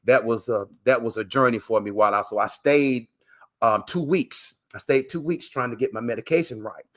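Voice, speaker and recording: This man has a medium-pitched voice and a moderate pace. Interviewed as a guest over a live video call broadcast, the transplant recipient and coach speaks with emotional, sermon-style emphasis, uses many fillers, repeats himself, and refers to the listener as "man."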